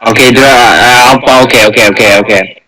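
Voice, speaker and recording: A young man chatting on a casual podcast with a bright, forceful voice. He rambles through his ideas and acts out bits of scenes with goofy voices. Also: medium pitch, steady tone, a little fast, rough recording. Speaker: podcast co-host.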